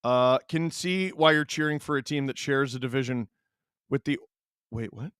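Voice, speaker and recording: A man in his thirties hosting a stream, reading chat aloud and telling stories in an animated, casual way. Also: medium pitch, normal speed, clean tone, no echo, studio quality. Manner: animated storyteller, reads chat aloud, laughs often.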